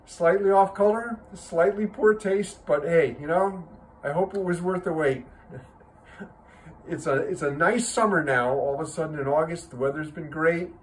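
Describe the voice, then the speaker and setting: A man's voice: fairly high pitch, moderate pace, slight background noise, poor audio. A man in his sixties at home, casually telling a joke to his viewers with a self-amused chuckle. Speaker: joke teller.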